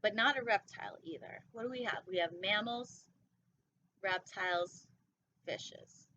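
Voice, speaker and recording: A woman's voice: medium pitch, moderate pace, sharp tone, slight background noise. A woman hosting a casual storytime, reading a picture book with goofy, rambling asides. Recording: dull lo-fi recording.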